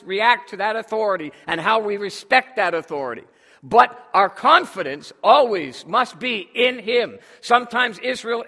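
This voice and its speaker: High-voiced preacher with a bright, emphatic tone. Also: male voice. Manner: emphatic, calls for congregation responses. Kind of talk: sermon. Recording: long hall reverb.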